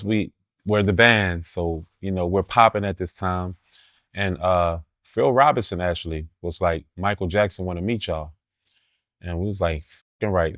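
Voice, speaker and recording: A man with a fairly low voice talks in casual, profane street slang as an interview guest. His stories are animated and blunt, with laughs in between. The sound is close and dry. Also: dry recording.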